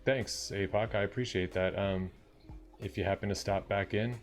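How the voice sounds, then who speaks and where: A man's voice: fairly low pitch, steady tone, moderate pace, faint music behind. A man from Long Island, New York, chatting casually and rambling with lots of fillers as he wraps up a live coding stream. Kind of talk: casual chat to viewers.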